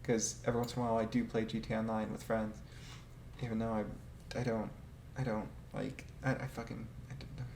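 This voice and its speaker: A man's voice: on the low side, flat delivery, fairly quick, vocal fry. A man casually ranking game vehicles, rambling and hesitant, swearing now and then and laughing often. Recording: echoey room with faint ambient noise.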